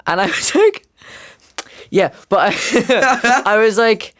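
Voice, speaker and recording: A man's voice: high-pitched, lively intonation, fairly bright tone. Chatty young man hosting a podcast. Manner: chatty, giggly, quick asides. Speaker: podcast host. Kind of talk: casual chat.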